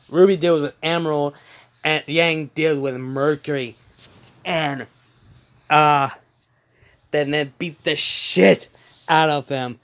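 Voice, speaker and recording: Man, casual storyteller, halting delivery, fillers and restarts, slow, fairly high voice. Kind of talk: casual spoken retelling of a fan story.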